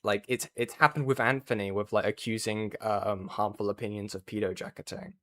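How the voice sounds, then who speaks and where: A man's voice: on the low side, steady tone, a little fast, sharp tone. A man hosting a livestream, chatting casually about online drama with lots of filler words. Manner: casual, chatty, says like a lot. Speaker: stream host.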